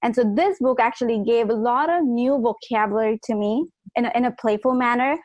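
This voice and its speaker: A middle-aged woman hosting an interview, speaking haltingly with frequent restarts and fillers. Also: on the high side, a little mellow, no room sound, lo-fi sound. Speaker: podcast host. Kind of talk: casual interview chat.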